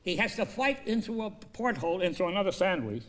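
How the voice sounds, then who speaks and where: Animated man acting out a story. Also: high voice, fairly quick. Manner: acts out characters' lines, swings from loud to hushed. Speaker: storyteller pitching a film.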